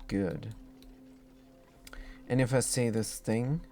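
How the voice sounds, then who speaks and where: A man's voice: medium pitch, steady tone, slow, mellow, faint music behind. A man from Germany with a German accent, talking through his gameplay as a streamer in a casual, rambling way with many ums.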